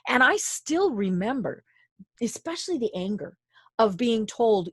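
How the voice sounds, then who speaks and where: Animated woman telling a story. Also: a little high, measured pace, breathy edge, no echo, studio quality. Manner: animated, laughs while telling stories. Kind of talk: conversational storytelling.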